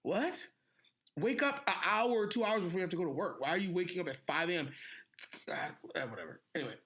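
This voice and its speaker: Brief: high, lively male podcast host, bright tone, swears freely and rants. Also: a little fast. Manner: animated, profane, laughing often. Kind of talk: casual chat.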